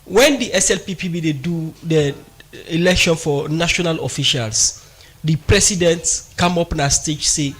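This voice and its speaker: A man with a Sierra Leonean Krio-inflected accent co-hosts a talk radio show. His voice sits somewhat high. He puts probing questions to the commentator, mixing Krio and English. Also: moderate pace, fairly bright tone, slightly rough. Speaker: radio co-host.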